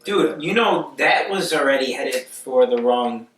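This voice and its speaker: A man's voice: medium pitch, expressive, a bit bright, recorded from a distance. A man bantering and joking with friends on a podcast. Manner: joking, quick to laugh. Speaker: podcast co-host. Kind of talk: casual banter. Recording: echoey room, off mic, faint noise.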